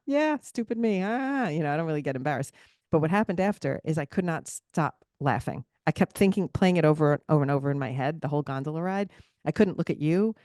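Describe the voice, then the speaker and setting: A woman co-hosting a podcast, telling animated stories in casual chat and laughing often. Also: sits low, dry recording, studio quality. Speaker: podcast co-host.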